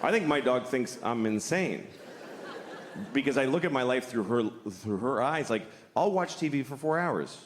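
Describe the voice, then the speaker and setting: Wry deadpan comedian in an echoey hall. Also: male voice, mid-range voice, moderate pace. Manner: deadpan, wry musing with sudden loud jumps. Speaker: stand-up comedian. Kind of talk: stand-up routine. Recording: echoey hall with noisy ambience.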